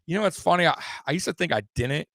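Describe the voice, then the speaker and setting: A young man hosting a live sports show, swearing freely and rambling with sudden loud bursts. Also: a little high, expressive, fast, no room sound. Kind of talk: casual live-stream sports talk.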